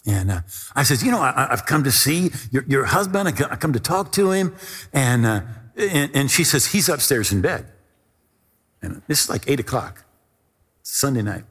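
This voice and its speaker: A middle-aged male pastor preaching a sermon, telling a personal story with animated emphasis. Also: medium pitch, normal speed, slightly rough, in a large hall.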